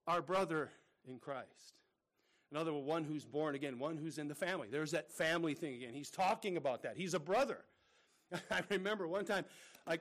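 A middle-aged man preaching in a high-pitched voice. He talks earnestly and keeps asking rhetorical questions. He often turns to his listeners as brethren. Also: fairly quick, fairly bright tone. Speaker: pastor. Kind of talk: sermon.

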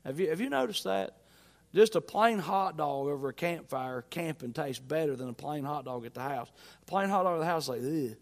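Male pastor, high voice, folksy conversational sermon, long church reverb. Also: lively intonation, fairly quick, gravelly. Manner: folksy, conversational preaching with rising emphasis. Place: church sanctuary.

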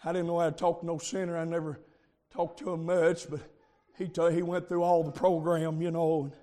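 A man preaching a revival sermon, moving from quiet storytelling to loud shouting. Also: a little high, level tone, normal speed. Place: camp meeting with congregation. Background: congregation calling amens.

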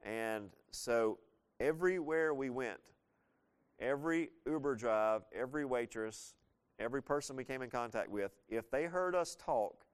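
This man's clear, resonant, medium-pitched voice is animated and unhurried as he preaches. He's a pastor from the Southern US with a matching accent, telling folksy stories conversationally and breaking into sudden emphasis.

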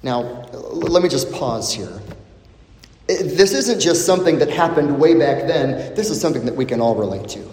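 A man's voice: a little high, moderate pace, echoey room, in a large hall, slight background noise. A man, a pastor, preaching a biblical teaching sermon, building emphasis as he goes. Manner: expressive preaching with rising emphasis and many restarts.

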